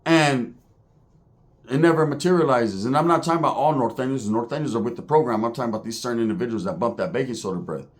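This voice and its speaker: A middle-aged man giving a casual commentary rant in streetwise slang, animated and full of tangents and asides. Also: mid-range voice, fast.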